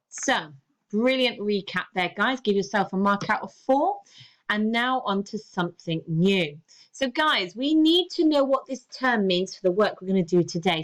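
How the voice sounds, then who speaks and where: A woman teacher, giving a recorded lesson and explaining things step by step in an encouraging way. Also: mid-range voice.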